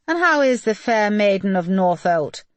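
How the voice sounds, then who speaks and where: A woman voicing a cheerful, teasing young male RAF pilot who banters with his friend, lively in pitch. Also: moderate pace, no echo, close to an everyday voice.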